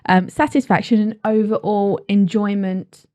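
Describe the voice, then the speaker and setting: A woman in a relaxed podcast chat, laughing easily and steering the talk from one rating to the next. Her voice sits at an ordinary middle pitch, casual and friendly. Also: unhurried. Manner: laughs often, keeps the review on track. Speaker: podcast co-host. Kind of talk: casual chat, cereal review.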